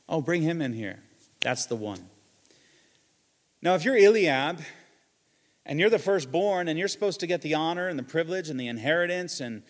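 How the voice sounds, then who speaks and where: Guy preaching, kinda high voice, big loud bits then drops quiet, lots of hall echo. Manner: dynamic preaching, swings between loud emphasis and quiet asides. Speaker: pastor. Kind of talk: sermon.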